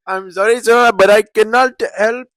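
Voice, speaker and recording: A man's voice: sits high, fairly even intonation, normal speed, a bit bright, no echo, voice pushed up. A man voicing a polite, overly formal male call-center support agent with an Indian accent. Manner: overly formal, keeps saying sir.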